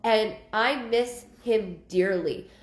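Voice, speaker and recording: A woman's voice: medium pitch, slow, echoey room. A woman giving a live psychic reading, rambling and repeating herself with many ums. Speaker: psychic medium.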